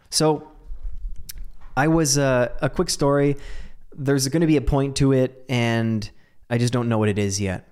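A man's voice: medium pitch, unhurried, long pauses, darkish tone, clear, resonant tone. A man hosting a solo podcast, talking casually in a rambling, self-mocking, jokey way with frequent laughs. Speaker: podcast host.

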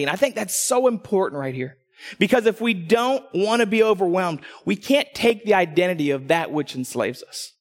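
A man from Texas preaching a sermon as pastor, animated and storytelling, acting out what people say. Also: sits high, moderate pace. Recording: long hall reverb.

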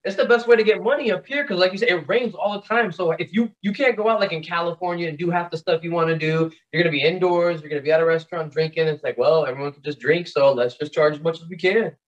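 An American man in casual chat, telling a joking story in an animated way. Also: a little high, fast, few pauses, dull audio. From United States. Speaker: guest.

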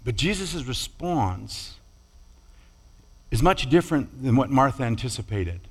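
Measured male preacher in a reverberant hall. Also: mid-range voice, sing-song, husky. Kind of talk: sermon.

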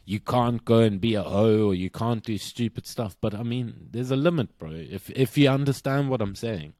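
A man's voice: fairly low pitch, moderate pace, darkish tone, dry recording. A young man from South Africa with a South African accent, co-hosting a casual podcast chat in a crude, joking way and laughing through his own lines. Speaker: podcast co-host.

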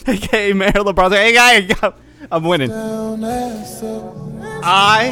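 A man co-hosting a podcast over an online voice call, riffing loosely, swearing and breaking into bursts of yelling. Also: high voice, steady tone, slow pace, pauses often, music in the background. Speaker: podcast co-host. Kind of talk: rowdy casual chat on a call.

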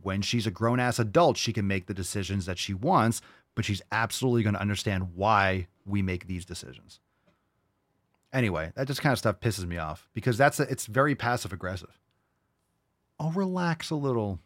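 A man's voice: lowish voice, brisk, a bit bright, dry recording. A young adult man hosting a podcast, answering listener questions in a blunt, heated, profane rant and mocking other people in a raised voice. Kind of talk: casual rant.

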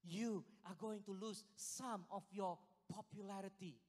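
A man preaching a sermon as pastor, excitable and animated, breaking into loud bursts and laughing, a little out of breath. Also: sits high, a little slow. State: sweating, short of breath at times. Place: church hall. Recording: long hall reverb.

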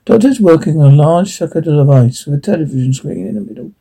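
Guy reading script directions out loud, husky, mellow, a bit stumbly. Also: fairly high pitch, expressive, quick pace. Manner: plain, unpolished reading with stumbles.

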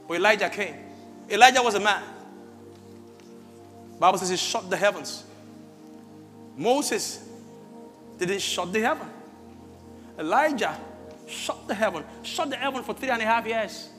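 A man preaching a sermon as pastor, swinging between loud shouts and quiet asides. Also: high-pitched, animated, moderate pace, pauses often. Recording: echoey hall with faint music.

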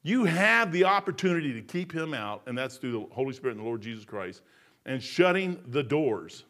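A man's voice: mid-range voice, moderate pace. A man, preaching a sermon in a folksy, storytelling way. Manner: folksy, storytelling, gets loud and animated telling jokes.

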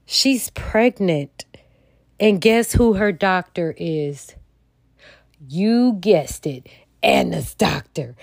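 A young woman, hosting a podcast and recapping a TV episode in an animated, slangy way, straight to her listeners. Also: fairly low pitch, no room sound, studio quality. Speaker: podcast host recapping a TV show. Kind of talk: casual recap monologue.

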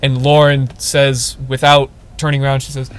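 With a clear, resonant, medium-pitched voice at a moderate pace, a young man co-hosts a casual podcast. He spins a funny tale as an animated storyteller, acting out the lines he quotes.

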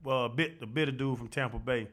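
A man guest telling stories in a casual podcast chat, profane and animated, quick to laugh and acting out what others said. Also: medium pitch. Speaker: guest, former football linebacker.

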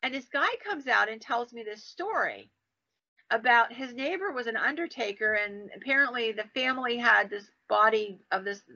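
A woman hosting a podcast, telling stories with a bright, forceful voice and acting out the quotes with lively jumps in pitch. The recording has a dull, lo-fi quality. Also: normal speed, creaky. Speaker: podcast host and storyteller. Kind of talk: casual storytelling. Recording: dull lo-fi sound.

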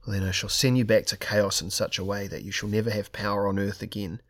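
A man's voice: lowish voice, fairly quick. A man reading aloud and voicing a grim, defiant sorcerer-king in an audiobook. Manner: calm then crying out defiantly.

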